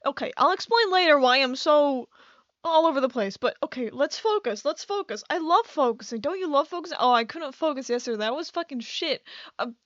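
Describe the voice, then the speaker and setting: High-voiced scatterbrained young woman gamer. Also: lively intonation, a little fast, fairly bright tone, no echo, dull audio. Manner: scatterbrained, self-mocking, restarts often. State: has a headache. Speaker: gaming YouTuber. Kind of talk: rambling casual gameplay commentary.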